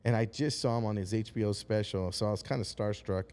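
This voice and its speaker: A man's voice: on the low side, fast talker, background noise. A middle-aged man from San Antonio, a comedian guest on a talk show, telling stories in a laid-back way and acting out the voices of the people in them. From San Antonio, Texas. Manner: laid-back storyteller who acts out voices in anecdotes. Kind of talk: casual chat, storytelling.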